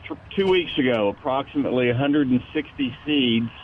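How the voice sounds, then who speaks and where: A man's voice: medium pitch, fairly quick. Brief: male radio caller, tinny phone line, faint hiss. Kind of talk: phone-in question.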